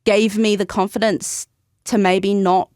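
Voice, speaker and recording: A young woman chats as a podcast guest, telling her stories freely and breaking into laughter mid-sentence. Her voice sits at an ordinary middle pitch. The sound is close and dry, with no room echo. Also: flat delivery, a little slow, darkish tone. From New Zealand. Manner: chatty storyteller, laughs often mid-sentence. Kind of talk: casual interview chat.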